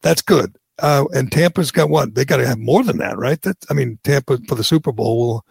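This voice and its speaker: A man's voice: mid-range voice, expressive, fairly quick, vocal fry, slightly rough, no room sound. A man hosting a talk radio show, blunt and heated, often repeating himself as he argues his point. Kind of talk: opinionated talk radio chat.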